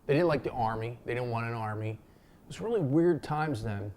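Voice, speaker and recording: A Philadelphia vlogger speaks casually and unscripted to his camera in a mid-range male voice with lively intonation, a slightly mellow quality and normal pace, over slight background noise. His talk rambles loosely between thoughts, full of ums, slang and the occasional curse, and he acts out quoted voices in a raised tone while telling a story.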